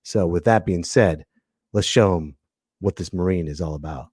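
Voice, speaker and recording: A man's voice: low voice, moderate pace, a little mellow, breathy edge, no room sound. A man hosting a podcast, chatting casually and giving hyped, showman-style introductions. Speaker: podcast host. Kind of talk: casual chat.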